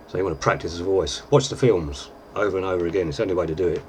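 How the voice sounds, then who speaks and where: A deep-voiced man, chatting casually through a makeup tutorial with plenty of fillers. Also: very fast, hardly any pauses, a little hiss or hum. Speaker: lookalike performer giving a tutorial.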